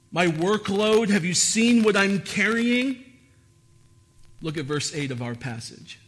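A man preaching a sermon, asking his listeners questions and building to emphatic, repeated phrases. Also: mid-range voice. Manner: asks the audience questions. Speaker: pastor.

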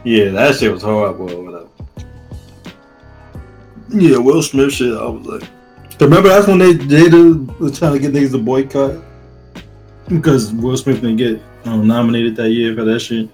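A man's voice: mid-range voice, moderate pace, long pauses, darkish tone, faint music behind. A man co-hosting a podcast in casual chat, slangy and profane, rambling with lots of fillers and restarts. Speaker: podcast co-host.

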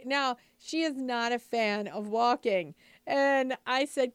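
High, smooth-voiced chatty woman. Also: takes it slowly, no room sound. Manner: chatty and upbeat, full of "like" and "you know"; asks the listener rhetorical questions. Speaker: lifestyle speaker addressing moms. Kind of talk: casual motivational talk.

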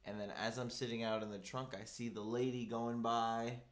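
A young man spins a casual story, full of fillers and quick asides. He slips into other people's voices as he goes, in a mid-pitched voice. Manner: animated, filler-heavy, acts out quoted voices.

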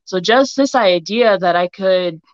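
A woman's voice: medium pitch, a little slow, no echo, highs cut off. A young woman author from Hawaii, raised in Utah, chatting casually as an interview guest, giggling often and filling her talk with "like". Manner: giggly, many "like" fillers.

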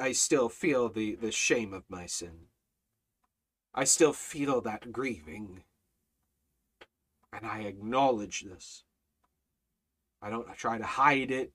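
A man leading a Bible study, earnest and repetitive, reading scripture slowly and sometimes dropping almost to a whisper. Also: mid-range voice. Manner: earnest, repeats phrases, drops to a near whisper when speaking softly; quotes scripture slowly and emphatically. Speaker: Bible teacher.

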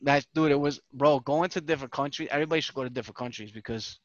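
A man's voice: medium pitch, very fast, dry recording, muffled recording. A young man chatting casually on a podcast, laid-back, saying bro and dude a lot. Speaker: podcast co-host. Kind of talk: casual chat.

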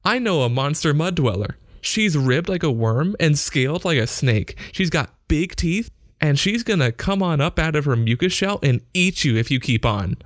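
A man's voice: normal speed, dry recording, clean studio sound, natural voice. A man voicing a spirited, imaginative young girl in a storybook reading. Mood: defiant. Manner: high, excited storybook child.

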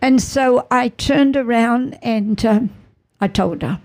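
A middle-aged woman shares an emotional testimony in a slow, unhurried way. Her voice sits fairly high but has a gravelly edge. She halts often and circles back over her own phrases with earnest feeling. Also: a little mellow. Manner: halting, repeats phrases, earnest. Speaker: mother giving a faith testimony.

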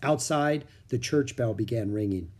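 A man narrating a children's book in an expressive storytelling manner. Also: medium pitch, normal speed, slightly rough.

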